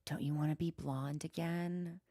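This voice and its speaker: A woman voicing a sly devil whispering temptations in a hushed, coaxing voice. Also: sits low, steady tone, a little slow, no room sound, studio quality, voice pushed down.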